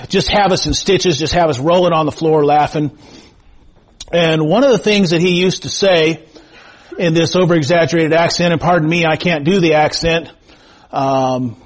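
In a church sanctuary, a middle-aged male pastor with a fairly high voice delivers a sermon. He reads scripture and prays in a slow, measured way, then shifts to folksy personal stories peppered with fillers.

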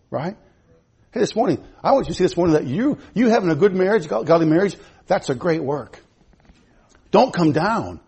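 Husky preacher man, loud then hushed. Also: very animated, a little fast, long pauses. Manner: swings from loud shouting to quiet low asides, stammers and repeats words. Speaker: pastor. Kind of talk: sermon. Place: church.

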